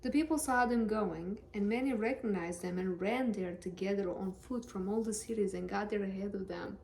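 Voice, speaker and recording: A woman's voice: medium pitch, moderate pace, vocal fry, darkish tone, slight background noise. A woman reading scripture aloud with casual, sarcastic, joking commentary. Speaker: Bible reader and commentator.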